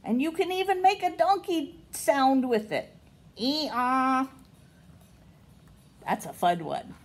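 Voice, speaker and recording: A middle-aged woman teacher, reading picture books aloud to young children in a slow, sing-song way. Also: huge pitch swings, a little mellow. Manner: slow, sing-song, with big pitch swings on questions.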